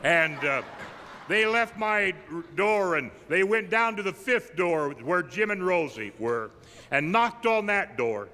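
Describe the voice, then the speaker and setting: An older man, an evangelist, tells humorous personal stories at a tribute, delivering his punchlines deadpan. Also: high-pitched, a little slow. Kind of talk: folksy storytelling tribute. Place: large camp meeting hall. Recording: live in a big reverberant hall.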